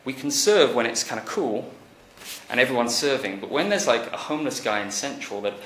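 A man preaching a conversational sermon, animated, rising to emphatic peaks and then dropping quiet. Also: medium pitch, gravelly, slight background noise. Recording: echoey church hall recording.

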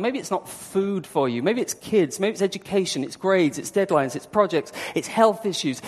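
Pastor, man, fairly high voice, animated storytelling, long church-hall reverb. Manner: lively storytelling, acting out the story. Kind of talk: sermon.

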